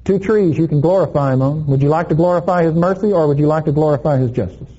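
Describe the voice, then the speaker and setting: A man preaching a sermon, telling a playful story with laughs in an animated way. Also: on the high side, fast talker, breathy edge, highs cut off.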